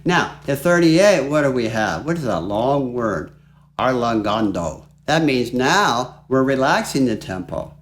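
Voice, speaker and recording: A man teaching flute in a relaxed, chatty way, walking through a piece and singing phrases aloud. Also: mid-range voice, unhurried. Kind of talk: music lesson. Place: home studio.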